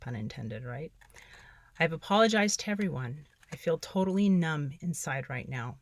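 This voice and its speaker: Middle-aged woman host, low-ish voice, earnest and soft, dry close sound. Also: lively intonation, normal speed, no echo. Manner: earnest, soft-spoken, with wry laughs. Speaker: podcast host. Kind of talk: reading journal entries and sharing tips.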